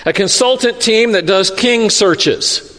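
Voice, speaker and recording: High-voiced preacher in an echoing hall. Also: male voice, slow pace. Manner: expressive storytelling with acted-out quotes. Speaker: pastor. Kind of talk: sermon.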